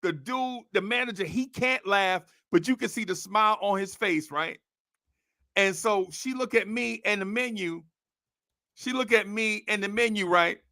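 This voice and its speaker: High, gravelly man telling a comic story. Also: normal speed, no room sound, studio quality. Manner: animated, laughs often, calls the listener bro. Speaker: storyteller host.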